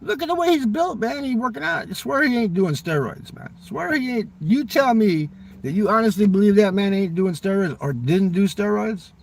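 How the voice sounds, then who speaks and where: Man with a smoker's rasp, gravelly, fairly high voice, rambling profane rant, sounds distant from the mic. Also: expressive, normal speed, slight background noise. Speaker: vlogger. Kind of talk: casual political rant.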